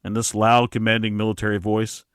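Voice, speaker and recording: A man's voice: fairly low pitch, a little fast, clean tone, no echo. Man telling a story on a dry mic. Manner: animated storyteller, frequent restarts. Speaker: podcast guest. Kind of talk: casual storytelling.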